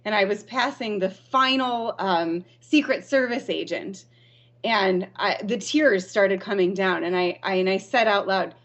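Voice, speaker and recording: A woman from Arizona, a teacher, telling stories in a podcast interview, lively and often laughing. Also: mid-range voice, a little slow. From Arizona, USA. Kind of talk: storytelling in an interview.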